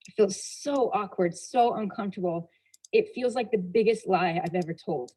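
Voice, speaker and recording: A woman's voice: medium pitch, normal speed, mellow, poor audio. A woman giving a motivational talk as a storyteller, acting out dialogue and asking the audience rhetorical questions. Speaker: motivational speaker.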